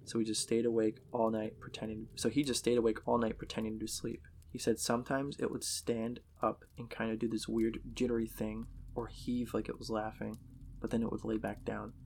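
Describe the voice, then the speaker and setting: Low creaky-voiced man telling a horror story. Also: little pitch movement, fairly quick, a little mellow, slight background noise. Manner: casual, profane storytelling.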